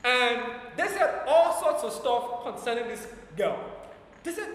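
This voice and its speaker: A man's voice: extremely high pitch, lively intonation, a bit bright. Man preaching in an echoey hall. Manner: emphatic, slows down for scripture quotes, volume rises and falls. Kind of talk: sermon. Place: church hall with long reverb. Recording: echoey church hall from far off.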